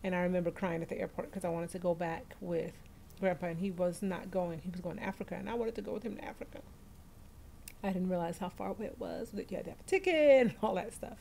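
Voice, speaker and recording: A woman's voice: on the low side, steady tone, fast, gravelly, darkish tone. Woman, 40s, from New York; casual phone livestream host at home, chatty and laughing, faint background hiss. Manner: chatty, laughs often, greets viewers by name.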